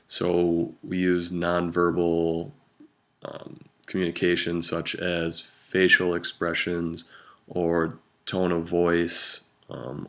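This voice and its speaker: A young man with a low, deep voice gives a class presentation. He talks slowly and hesitantly, often pausing on ums as he works through his points. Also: a bit bright. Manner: slow, hesitant delivery with frequent ums. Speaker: student presenter.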